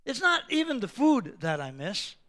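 A man preaches from the pulpit, his voice sitting unusually high. It has a bright, forceful edge. He swings between soft, conversational asides and loud, drawn-out declarations. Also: huge pitch swings. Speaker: pastor. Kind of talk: sermon.

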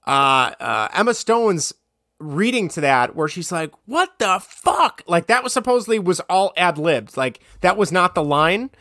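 A woman's voice: on the low side, very animated, moderate pace, fairly bright tone, dry recording. Rambling woman chatting, dry close mic. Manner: rambling, quoting scenes, searching notes aloud. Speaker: podcast co-host. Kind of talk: casual chat about a movie.

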